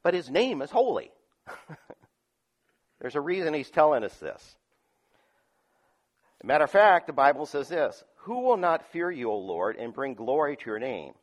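A man preaching a sermon, reading scripture aloud and explaining it, moving between loud emphatic lines and quiet asides with frequent chuckles. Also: a little high, sing-song, measured pace, long pauses. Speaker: pastor.

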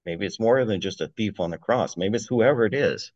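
Guy preaching a relaxed sermon, reads verses out loud, kinda dull dry sound. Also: fairly low pitch, brisk, dry recording. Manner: conversational, reads scripture aloud, chuckles between points. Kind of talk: informal sermon on a psalm.

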